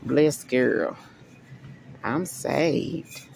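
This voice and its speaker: In a rumbling low, gravelly voice with a darkish tone, a middle-aged woman talks very slowly to her viewers as she wanders a large store, mulling over purchases in a casual shopping vlog. The low-quality recording carries slight background noise and store ambience.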